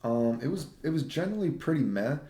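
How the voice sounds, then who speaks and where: A man telling travel stories in a casual, rambling vlog, swearing and getting animated as he retells run-ins. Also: mid-range voice, quick pace, roomy sound. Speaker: vlogger.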